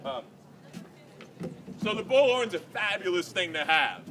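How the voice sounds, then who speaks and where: A man telling a rambling personal story to a live audience, acting out quotes and yelling. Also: high-pitched, unhurried, background noise. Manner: rambling, animated, acts out quotes and yells.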